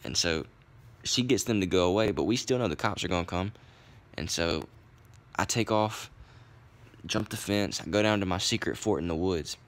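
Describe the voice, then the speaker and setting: A man's voice: low-pitched, normal speed, long pauses. A young man, casually telling a story in a rambling, profane way. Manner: profane, rambling, laid-back. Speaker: vlogger.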